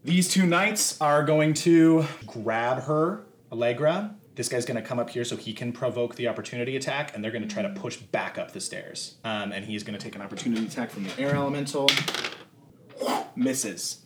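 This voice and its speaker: A man running a tabletop game as game master, talking in a relaxed, offhand way. His voice sits at an average pitch, and the room has a noticeable echo. A faint hiss stays underneath. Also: moderate pace. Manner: relaxed, casual, lots of fillers. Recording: echoey room with faint noise.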